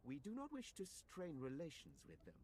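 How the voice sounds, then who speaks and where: A man's voice: on the high side, huge pitch swings, normal speed, a little mellow, a little hiss or hum. An actor voicing a male imperial officer in a video game, scheming yet polite, with a formal briefing delivery.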